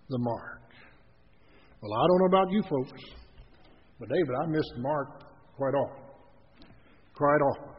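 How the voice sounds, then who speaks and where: A man preaching a sermon as pastor, telling folksy humorous stories in a husky voice. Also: fairly high pitch. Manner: storytelling, folksy with humorous anecdotes. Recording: dull recording with long hall reverb.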